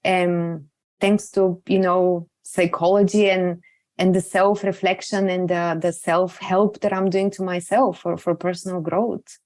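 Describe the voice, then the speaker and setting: A woman guest speaking on a remote podcast interview, earnest and reflective, with halting restarts. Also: on the low side, level tone, a little mellow.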